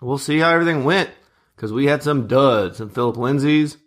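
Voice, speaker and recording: A man in his thirties co-hosts a sports podcast in a loose, joking way, rattling off numbers between jokes. His voice sits at a middle pitch. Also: brisk. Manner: chatty, joking, reads out stats. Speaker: podcast co-host. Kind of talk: casual sports chat.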